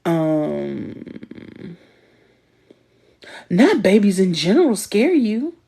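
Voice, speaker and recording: A woman hosting a casual livestream, chatting with viewers and reading their comments in an animated, emphatic way, laughing often. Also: medium pitch, drawn-out words, creaky, slightly rough. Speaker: livestream host.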